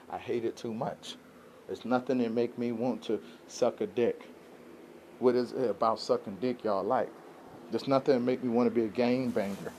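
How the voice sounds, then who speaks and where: A man at a medium pitch, venting in a loose, rambling monologue straight to his viewers. He sounds aggrieved and keeps checking in with them as he talks, and a faint hum of ambience sits underneath. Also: a little mellow. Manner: rambling, aggrieved venting, keeps asking "you know what I'm saying". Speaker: vlogger. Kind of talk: unscripted monologue to camera.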